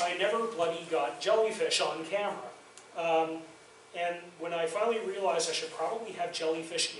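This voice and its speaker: A man with a fairly high voice gives a chatty, self-deprecating lecture full of anecdotes. He is recorded from far off in a very echoey room. Faint background hiss sits under his voice. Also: a bit bright. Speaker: guest lecturer and documentary filmmaker. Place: university faculty lounge, indoors.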